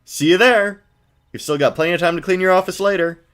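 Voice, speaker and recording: A man voicing a bubbly, excitable teenage girl in a video game, gushing like a starstruck fan in a raised falsetto. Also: brisk, smooth. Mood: chirpy.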